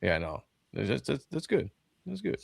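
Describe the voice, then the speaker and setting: A man's voice: medium pitch, huge pitch swings, a little slow, creaky, no echo. A man hosting a livestream, joking crudely and reading chat messages aloud. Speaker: livestream host. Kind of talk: casual livestream banter. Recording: dry close mic.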